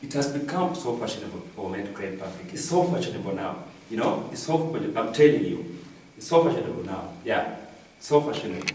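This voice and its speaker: A man's voice: fairly low pitch, very animated, brisk, darkish tone, a little hiss or hum. Kenyan man, echoey comic news monologue. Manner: repeats punchlines with "I'm telling you". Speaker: comedian. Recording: very echoey, distant from the mic.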